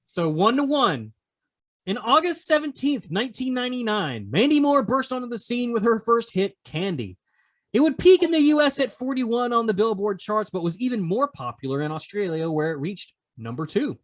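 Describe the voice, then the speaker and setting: A man's voice: sits high, big pitch swings, normal speed, fairly bright tone. A man hosting a podcast quiz segment, teasing the players in a playful, casual way. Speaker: podcast host running a quiz. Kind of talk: casual chat.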